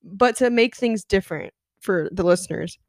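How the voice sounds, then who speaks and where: A woman's voice: medium pitch, moderate pace, no echo, clean studio sound. A young woman co-hosting a casual chat, telling work stories with lots of laughter and swearing. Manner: animated storytelling, laughs often, swears. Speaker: podcast co-host.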